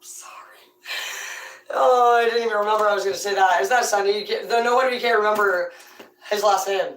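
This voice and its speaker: A woman's voice: mid-range voice, fast. Brash, swearing woman in an echoey room. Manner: profane, brash, rambling. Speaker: tarot reader and host. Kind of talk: casual ranting monologue. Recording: echoey room, voice far from the mic.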